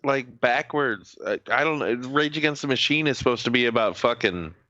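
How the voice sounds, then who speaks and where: A man's voice: medium pitch, fairly quick, bright, forceful tone, no echo. A man co-hosting a podcast, blunt and opinionated, running a segment. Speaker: podcast co-host. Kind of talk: casual chat. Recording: dull lo-fi mic.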